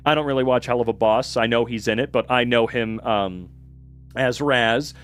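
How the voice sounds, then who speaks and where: An American man in a casual live stream, reading viewers' messages aloud and answering them in animated, swearing chat. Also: mid-range voice, moderate pace, smooth, soft background music. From United States. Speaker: streamer and hobby voice actor.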